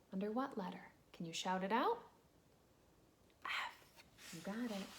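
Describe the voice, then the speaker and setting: A woman teacher giving a slow, patient phonics lesson to young children, sounding out letters and cheering them on. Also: medium pitch.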